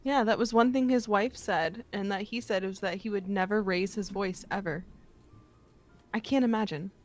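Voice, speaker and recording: A woman's voice: mid-range voice, fairly even intonation, normal speed, soft background music. A woman guest on an interview, a voice actor, easygoing and enthusiastic, laughing often. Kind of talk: casual online interview.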